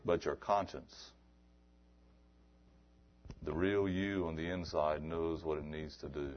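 A man preaching a sermon, dropping to quiet murmurs and then rising to loud, shouted exhortation with repeated rhetorical questions. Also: very deep voice, little pitch movement, slow, long pauses. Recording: dull lo-fi sermon recording.

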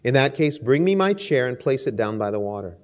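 A man voicing a proud, stubborn king who gives commanding, booming orders in a storytold sermon. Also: big pitch swings, fairly quick, darkish tone, lightly acted. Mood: calm. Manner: commanding, booming royal decrees.

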